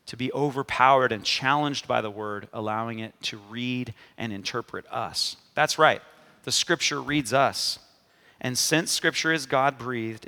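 Gravelly man preaching in a reverberant hall. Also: mid-range voice, sharp tone. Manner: emphatic preaching, repeated 'amen?' to the congregation. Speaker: pastor. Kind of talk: sermon.

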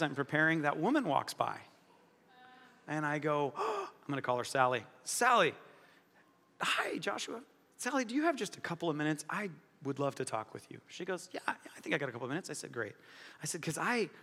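A man preaching in a big hall, his voice carrying a long reverb. The tone is bright and forward. He tells stories quickly and animatedly, poking fun at himself as he preaches. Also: medium pitch. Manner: animated storytelling, fast-talking, self-deprecating humor. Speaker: pastor. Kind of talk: sermon.

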